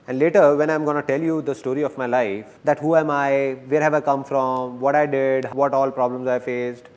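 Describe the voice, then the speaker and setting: This dubbed motivational seminar features a man whose medium-pitched voice sounds close to everyday speech. He talks to the audience in a lively, playful manner.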